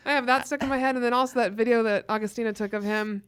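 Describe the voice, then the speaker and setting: A woman co-hosting a podcast in casual chat, earnest and quick to laugh, with frequent affirming murmurs. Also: a little high, steady tone, fairly bright tone, clear, resonant tone. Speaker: podcast co-host.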